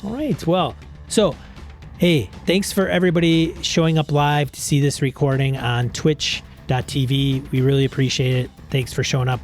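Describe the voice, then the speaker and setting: A man's voice: fairly high pitch, steady tone, moderate pace, soft background music. Rambling man hosting a podcast. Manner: rambling, restarts sentences. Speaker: podcast host. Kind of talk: casual chat.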